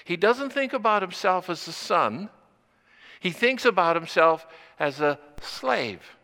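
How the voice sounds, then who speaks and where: An older man preaching a sermon slowly and deliberately, repeating phrases for emphasis. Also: sits high, animated, bright, forceful tone, long reverb tail.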